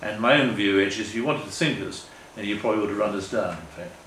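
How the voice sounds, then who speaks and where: An older man with a fairly low voice speaks earnestly to an audience. He rambles and corrects himself as he goes, and his voice carries an echo in the room with faint ambient noise behind it. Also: quick pace, fairly bright tone, far from the mic. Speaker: guest speaker. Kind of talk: public talk with slides. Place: meeting hall.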